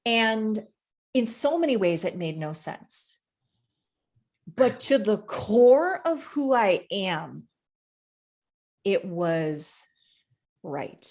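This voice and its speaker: A woman's voice: medium pitch, very animated, drawn-out words, pauses often, a little mellow. A woman co-hosting a podcast and coaching, chatting casually and candidly, swearing freely as she tells stories with animation.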